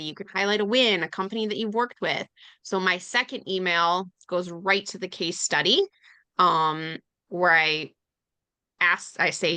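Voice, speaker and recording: A woman with a bright, forceful voice talks shop on a sales webinar in a chatty, animated way. She slips into little quoted voices as she explains her points. The sound is dry and close. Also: lowish voice, smooth, dry recording. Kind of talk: casual webinar talk.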